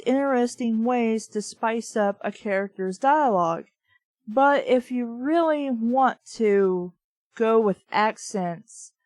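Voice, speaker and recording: A woman's voice: medium pitch, darkish tone, no room sound. A woman with a Southern American accent, chatting casually and ramblingly as a book reviewer. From Southern United States. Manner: chatty and rambling, full of "like" and "you know". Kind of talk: casual chat.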